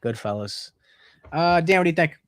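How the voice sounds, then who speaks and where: A young man co-hosting a casual football livestream, loose and profane, joking and jumping around in pitch. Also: lively intonation, normal speed, no room sound, clean studio sound. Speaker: co-host of a fantasy football stream.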